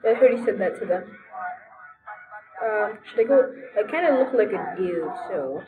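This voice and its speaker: Lively, giggly young woman gamer. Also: mid-range voice, narrow, tinny audio, crowd noise. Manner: giggly, excitable, quick outbursts. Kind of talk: let's play commentary.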